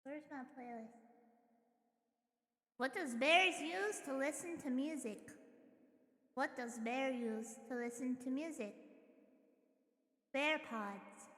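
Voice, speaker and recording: Giggly self-mocking woman streamer, slow drawn-out talk, roomy echo. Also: sits high, fairly bright tone. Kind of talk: casual chat on a karaoke stream.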